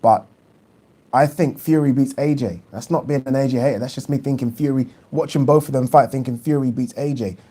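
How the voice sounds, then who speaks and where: A man with a mellow, warm voice and a medium pitch, talking casually as he hosts a live stream about boxing. He is opinionated and chatty, often pausing on an "um" or repeating a word before he makes his point. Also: steady tone. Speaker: boxing channel host. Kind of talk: casual live-stream chat, reading viewer questions.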